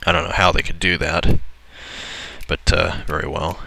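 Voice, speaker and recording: A young man casually commentating a strategy game, excitable and swearing, often laughing in disbelief. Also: low-pitched, normal speed, creaky, low-quality recording. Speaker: gameplay commentator. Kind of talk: casual let's-play commentary.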